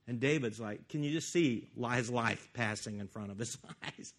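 A man preaching a sermon, retelling a Bible story in an animated way that swings from loud to hushed. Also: mid-range voice, normal speed, hardly any pauses.

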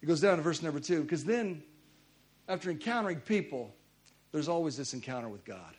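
A man preaching a sermon as pastor, telling stories with sudden loud bursts of emphasis. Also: a little high, lively intonation, brisk.

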